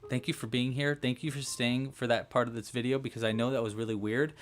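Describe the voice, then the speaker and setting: A man's voice: medium pitch, steady tone, fast talker. A man hosting a casual crochet livestream tutorial, narrating his own handiwork with chatty, playful asides to viewers. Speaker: crochet instructor.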